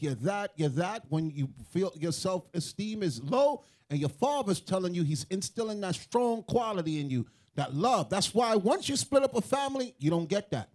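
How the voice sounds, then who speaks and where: A man teaching in a religious group, preaching emphatically to a room of people and rising into shouts to drive points home. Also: high-pitched.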